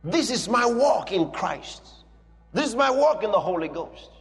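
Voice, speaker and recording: A man's voice: high voice, very animated, unhurried, big-room sound, faint music behind. A man preaching a sermon with emphatic, repetitive declarations.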